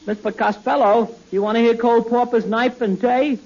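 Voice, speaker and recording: A man's voice: extremely high pitch, steady tone, moderate pace, a little mellow. An actor playing a cheerful young boy with a lisp that turns his T sounds into P sounds, in 1940s radio comedy style. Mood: chirpy. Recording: hissy muffled old radio broadcast.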